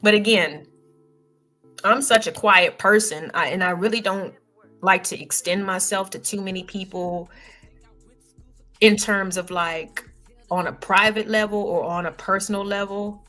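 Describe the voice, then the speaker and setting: A woman hosting her own livestream, talking loosely and casually, heavy on slang and fillers. Her pitch sits in a middle range, and faint music plays underneath her. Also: fairly even intonation, a little slow, long pauses, a bit bright. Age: adult parent. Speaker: livestream host. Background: faint background music.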